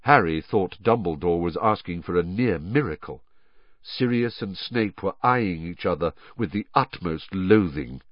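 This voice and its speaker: Brief: male audiobook narrator, lowish voice with lively intonation, dry and lo-fi. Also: a little slow, dry recording. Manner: expressive storytelling. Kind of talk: scripted narration. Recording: dull lo-fi recording.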